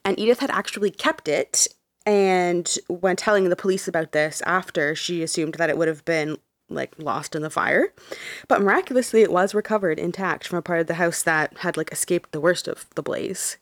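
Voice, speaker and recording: A woman's voice: lowish voice, normal speed, no room sound. A woman hosting a podcast who is sick, telling a true crime case in a casual, chatty way and saying "like" a lot. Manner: chatty, laughs often, says "like" a lot. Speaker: podcast host.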